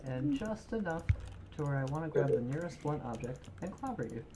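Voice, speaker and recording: A woman's voice: sits low, big pitch swings, brisk, warm tone. A young woman chatting and telling jokey stories while streaming a building game, swearing freely. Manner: joking, swearing, storytelling. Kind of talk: casual live-stream chat. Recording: keyboard typing noise.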